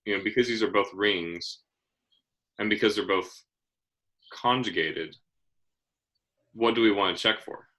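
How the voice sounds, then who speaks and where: A man's voice: fairly low pitch, unhurried, pauses often, sharp tone. A young man tutoring chemistry, asking guiding questions in a patient, casual way with frequent restarts.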